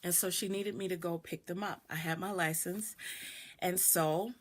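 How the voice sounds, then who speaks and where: A woman's voice: on the low side, fairly even intonation, normal speed. A middle-aged woman hosting a live video, telling a personal story reflectively and greeting viewers as she goes. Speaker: doula and video host.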